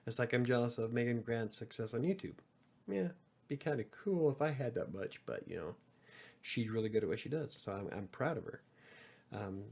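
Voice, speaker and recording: Rambling low-voiced man, casual chat. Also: darkish tone. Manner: rambling, self-deprecating, swears casually. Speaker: podcast host. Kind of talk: casual live-stream chat.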